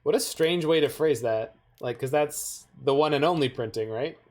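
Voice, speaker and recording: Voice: medium pitch, normal speed, darkish tone. A streamer giving casual gameplay commentary while playing a card game, making dry, joking asides to chat.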